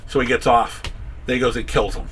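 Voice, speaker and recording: A man's voice: medium pitch, little pitch movement, fairly quick, a bit bright, slight background noise. A man hosting a casual podcast chat, rambling through stories with many restarts and acting out quotes. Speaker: comic shop owner and podcast host.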